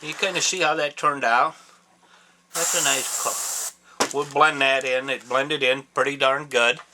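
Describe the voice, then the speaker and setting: Speaking a little slowly with medium pitch and fairly even intonation, a man demonstrates taxidermy step by step in a casual, folksy, plain-spoken way, wandering into asides. His home workshop recording is hissy, with an air compressor and spray hiss in the background.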